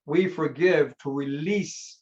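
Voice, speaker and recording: A man's voice: fairly high pitch, slow, a little mellow. Blunt, emphatic man telling a story. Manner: emphatic, blunt, punchy short phrases. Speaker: hypnotherapist guest. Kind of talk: storytelling in a podcast interview. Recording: slightly dull lo-fi sound.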